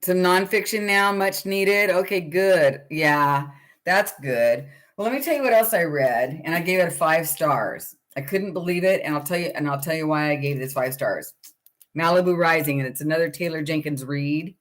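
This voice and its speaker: A woman's voice: sits low, moderate pace. A middle-aged woman hosting a casual book club livestream, talking in a chatty, rambling way and greeting viewers by name.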